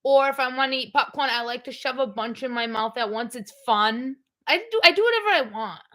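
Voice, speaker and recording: A woman's voice: fairly high pitch, lively intonation, a little fast, bright, forceful tone. A middle-aged woman hosting a livestream, chatting casually in a blunt, rambling way. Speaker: livestream host. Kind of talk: casual chat.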